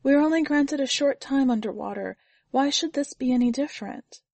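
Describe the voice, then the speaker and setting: A woman reader voicing a gentle, wise mother who speaks softly and calmly with a slight tremble. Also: high voice, fairly quick, dry recording, voice pushed up. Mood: tender. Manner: soft, calm, slightly shaking.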